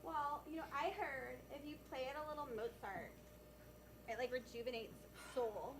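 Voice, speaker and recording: A woman's voice: high voice, moderate pace, background noise. A woman improv performer acting out a playful scene on a live stage.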